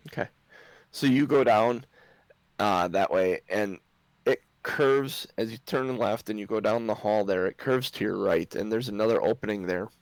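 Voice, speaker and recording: Man, game master, low, gravelly, dry close sound, chuckles while narrating. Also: normal speed, no echo, low-quality recording. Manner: chuckles often while describing scenes.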